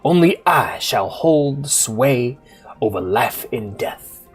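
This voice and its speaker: A man putting on a slow, drawling preacher voice for a grandiose male necromancer lord reading a sermon. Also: mid-range voice, animated, slightly rough, soft background music. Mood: menacing.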